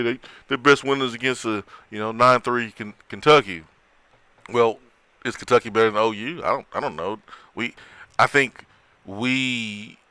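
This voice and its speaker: Guy hosting a sports chat show, kinda low voice but bright and crisp, dry studio sound. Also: no echo.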